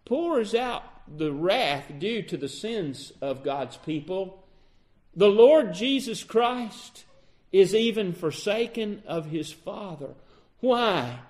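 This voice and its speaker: A man preaching a sermon with dramatic swings between loud, high emphasis and low, quiet passages. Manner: dramatic preaching with wide swings in pitch and loudness.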